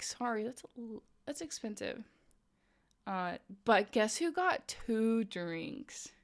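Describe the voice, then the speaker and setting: A woman's voice: medium pitch, fairly bright tone. A young woman streamer telling a story in casual chat, rambling with lots of "like" and "um" and laughing often. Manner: chatty, rambling, full of "like" and "um".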